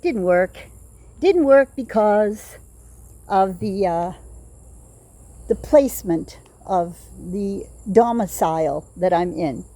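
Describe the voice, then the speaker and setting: A woman's voice: medium pitch, lively intonation, dark tone, no room sound. An older woman telling rambling personal stories in a casual monologue, outdoors at night. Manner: rambling, digressive storytelling with pauses. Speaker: vlogger. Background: crickets chirping.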